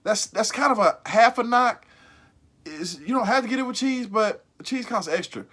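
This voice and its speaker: A man giving a casual, emphatic fast food burger ranking, slangy and profane, often repeating himself. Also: sits high, lively intonation, fairly bright tone. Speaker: food reviewer vlogger.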